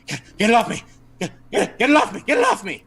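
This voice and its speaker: A man voicing a scornful zealot priest who turns shrill when panicked. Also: sing-song, moderate pace, a bit bright.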